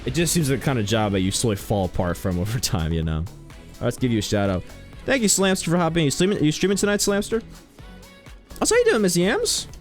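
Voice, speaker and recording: Animated, joking male streamer. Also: medium pitch, fast, faint music behind. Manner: joking, rambling, animated storytelling. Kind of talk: casual live-stream chat while gaming.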